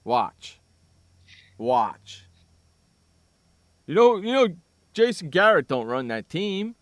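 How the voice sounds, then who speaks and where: A man's voice: on the high side, very animated, takes it slowly, no echo. A man hosting sports talk radio, ranting bluntly and sarcastically about a player.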